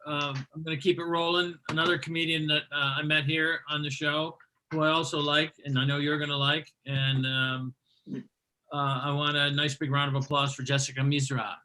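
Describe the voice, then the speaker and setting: A man's voice: on the high side, flat delivery, moderate pace, sharp tone, low-quality recording. A man hosting a virtual comedy show, with loose, offhand banter between acts. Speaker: show host. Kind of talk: casual emceeing. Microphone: computer mic on a video call.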